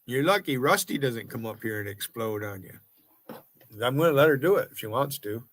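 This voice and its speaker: Expressive and a bit bright, his medium-pitched voice moves at normal speed. He's an American in his sixties, delivering a furious, foul-mouthed, confrontational rant on a livestream.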